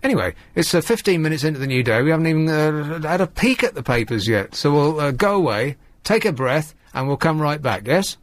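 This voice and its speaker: A man's voice: a little high, animated, fairly quick, few pauses, no room sound. A man hosting a late-night radio phone-in, chatting in a wry, rambling way and laughing easily with callers. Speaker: radio host. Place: radio studio.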